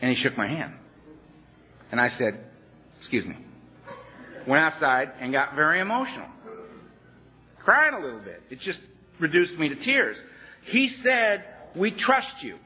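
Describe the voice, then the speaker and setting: A man telling stories at a recovery workshop, animated and blunt with salty language. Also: fairly high pitch, normal speed, pauses often. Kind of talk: storytelling talk. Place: workshop room. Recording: dull lo-fi workshop recording.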